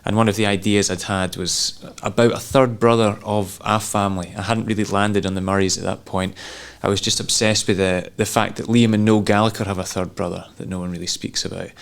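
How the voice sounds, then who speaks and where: A Scottish man in at least his thirties, a comedian giving a relaxed interview, easygoing and self-deprecating with frequent chuckles. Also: lowish voice, fairly quick, gravelly, hardly any pauses. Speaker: comedian and actor guest.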